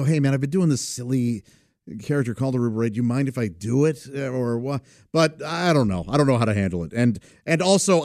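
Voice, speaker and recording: A man's voice: mid-range voice, a little mellow, dry recording, clean studio sound. Chatty man hosting a podcast. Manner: rambling, chatty, laughs at his own stories. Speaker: podcast host. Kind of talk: casual podcast monologue.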